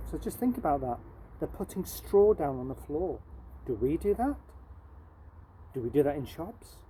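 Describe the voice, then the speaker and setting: Woman teacher, storybook read-aloud, husky, soft, questioning pupils. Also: rumbling low, normal speed, poor audio. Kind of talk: reading a novel aloud to pupils.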